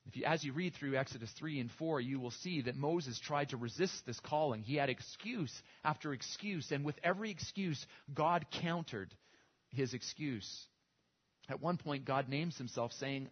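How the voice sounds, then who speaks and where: Male pastor, husky middle voice, storytelling sermon, muffled recording. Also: medium pitch, normal speed. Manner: storytelling, with small restarts and repetitions. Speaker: preacher. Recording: dull lo-fi recording.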